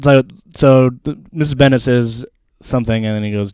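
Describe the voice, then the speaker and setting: A man co-hosting a casual book discussion, animated and laughing often as he acts out quotes. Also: medium pitch, normal speed, few pauses, clear, resonant tone, dry recording.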